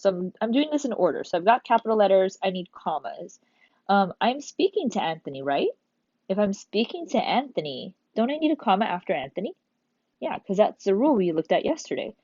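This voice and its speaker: A woman teacher walking young pupils step by step through a recorded lesson, in an animated manner. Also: mid-range voice, brisk, no echo, lo-fi sound. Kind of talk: recorded remote class lesson.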